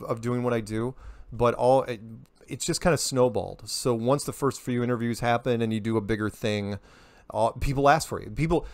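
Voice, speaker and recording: A man giving casual, animated interview answers, full of rhetorical questions and quips. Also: medium pitch, no room sound. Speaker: interview guest.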